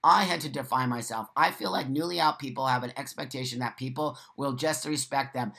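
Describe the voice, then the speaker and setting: A man's voice: medium pitch, fairly quick, creaky, pushed and bright. An American man hosting a live morning chat, reading viewer comments and answering in blunt, profane rants. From United States. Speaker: livestream host.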